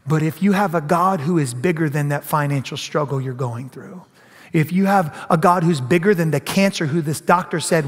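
A middle-aged man preaching a sermon as pastor, animated and often acting out other people's voices. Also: fairly high pitch, moderate pace, in a large hall. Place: church sanctuary.

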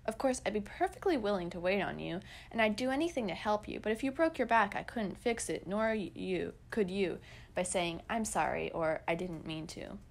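A woman's voice: medium pitch, animated, normal speed, gravelly. A young woman voicing a fretful, scolding middle-aged mother from the country in a storybook diary reading. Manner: scolding, pleading.

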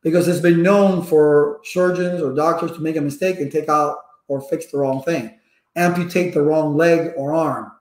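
Guy with a pretty high voice rambling thru stories for his viewers, roomy echo on it. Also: normal speed. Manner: lively storyteller with personal anecdotes. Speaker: networking instructor. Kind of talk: casual rambling talk to viewers. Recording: echoey room.

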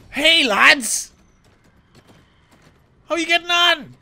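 Young let's player, rowdy and profane, bright voice, slow unhurried delivery. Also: male voice, extremely high pitch, vocal fry. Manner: rowdy, joking banter at the game, cursing. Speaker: gaming YouTuber. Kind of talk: let's play commentary.

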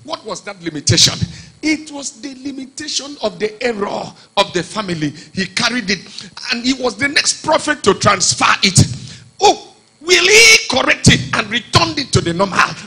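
Pastor preaching, husky and high-pitched. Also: male voice, very animated, normal speed, rough recording. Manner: swings from hushed storytelling to shouted preaching. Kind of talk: sermon.

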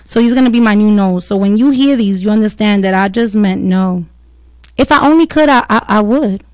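A woman, hosting a casual solo talk show, blunt and profane, telling stories with quick asides. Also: medium pitch, no room sound. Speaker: podcast host.

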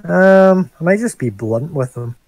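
Slow, hesitant man. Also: on the high side, expressive, darkish tone, no room sound, low-quality recording. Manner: hesitant, thinking aloud. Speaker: player. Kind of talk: casual game table chat.

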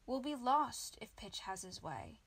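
A woman's voice: on the high side, wildly swooping pitch, measured pace, fairly bright tone, breathy edge, no echo, full character voice. A woman voicing a bold, insistent man urging a reluctant ally, in a storybook reading. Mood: urgent. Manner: urgent, insistent.

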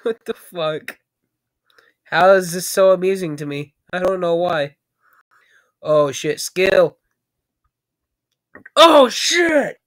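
Slow-talking, swearing young woman reacting. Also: lowish voice, animated, no room sound, studio quality. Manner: swears constantly, laughs and exclaims in surprise. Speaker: reaction video creator. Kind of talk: casual reaction commentary.

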